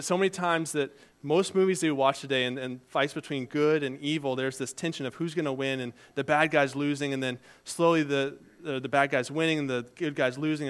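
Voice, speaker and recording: Smooth-voiced man preaching conversationally. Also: medium pitch. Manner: conversational storytelling preaching, shifts between loud emphasis and quiet asides. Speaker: preacher and teacher. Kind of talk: sermon.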